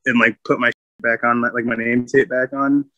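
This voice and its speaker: A man telling stories from his military days in a loose, casual way, rambling and packing his talk with fillers. His voice sits at a middling pitch and is recorded close and dry. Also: little pitch movement, moderate pace, pushed and bright, no echo, dull audio. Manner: rambling, full of fillers, laughs often. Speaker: Marine veteran guest. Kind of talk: casual storytelling.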